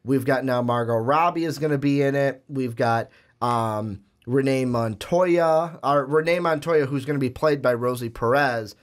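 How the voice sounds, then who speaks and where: A man's voice: mid-range voice, normal speed. Young man rambling about a movie. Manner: rambling, restarts and fillers, builds up to pointed questions. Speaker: podcast co-host. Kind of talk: casual movie chat.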